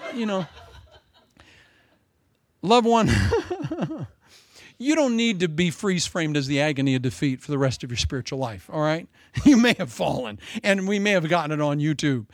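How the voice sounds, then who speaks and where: A man preaching a sermon in an animated, joking way. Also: fairly high pitch, no room sound, clean studio sound. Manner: animated, joking, with frequent laughs.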